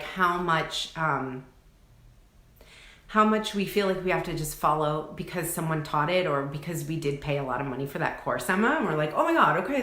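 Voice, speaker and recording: A woman, talking in a low voice that bounces around an echoey room. She gushes over viewers' comments during a live coaching stream and drops casual swear words into her chatty answers. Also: fairly bright tone. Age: 40s.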